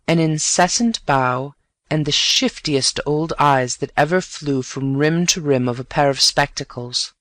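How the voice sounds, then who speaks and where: Guy reading a story aloud, calm measured pace, slightly high voice, super dry recording. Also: dry recording. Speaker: audiobook narrator. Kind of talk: scripted story narration for learners.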